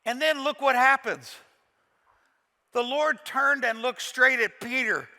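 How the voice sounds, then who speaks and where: Bright-voiced pastor from Kentucky preaching. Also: male voice, extremely high pitch, slow pace. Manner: animated, dramatic storytelling with folksy humor. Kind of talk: sermon. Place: large church auditorium. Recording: reverberant church hall.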